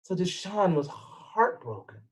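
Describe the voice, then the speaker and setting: A man telling a folk-style story with expressive, dramatic pacing. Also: high voice, measured pace. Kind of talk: storytelling performance.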